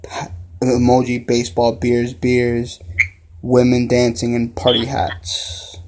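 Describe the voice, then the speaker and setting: A man hosting a casual sports podcast, reading out listener messages and reacting excitedly. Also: medium pitch, slow. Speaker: podcast host.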